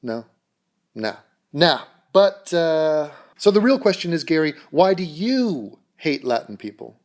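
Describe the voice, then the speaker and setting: A man's voice: fairly high pitch, very animated, measured pace, a little mellow. A man delivering a mocking, sarcastic vlog rant straight to camera. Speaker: YouTuber.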